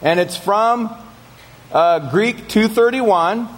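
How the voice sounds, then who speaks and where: High-voiced man teaching a sermon. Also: slow pace. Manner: repeated checks with the listeners, rhetorical questions. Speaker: congregation teacher. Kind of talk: sermon with scripture reading.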